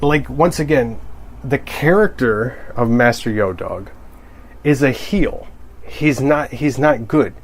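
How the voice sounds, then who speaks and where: A man's voice: mid-range voice, a little mellow, a little hiss or hum. A man who is a cartoonist, talking in a casual podcast monologue, rambling and joking with many restarts.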